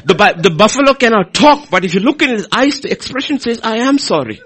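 A middle-aged man preaching a sermon, swinging between loud emphasis and quiet asides. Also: high-pitched, animated, quick pace, slightly rough.

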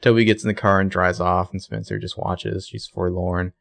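Gravelly low-voiced man recapping a show. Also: little pitch movement, normal speed, fairly bright tone. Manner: retells scenes by acting out the characters' lines. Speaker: podcast co-host recapping a TV show. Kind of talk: casual chat.

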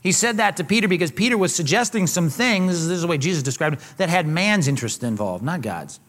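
A man's voice: on the high side, animated, fast, fairly bright tone. Man preaching in a reverberant hall. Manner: conversational storytelling with casual slang. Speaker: pastor. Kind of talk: sermon.

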